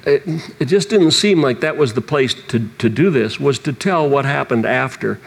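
A man's voice: mid-range voice, lively intonation, normal speed, creaky, husky. A man preaching, telling a personal story in a rambling way with restarts and chuckles. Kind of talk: sermon testimony.

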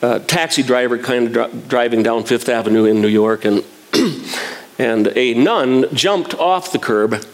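A man's voice: medium pitch, measured pace. A man in his sixties preaching a sermon in a folksy, self-mocking way, chuckling at his own jokes.

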